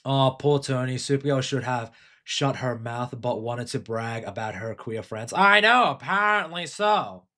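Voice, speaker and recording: A man's voice: medium pitch, expressive, measured pace, sharp tone. Casual swearing livestream host, man. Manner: swearing, rambling, reads chat aloud.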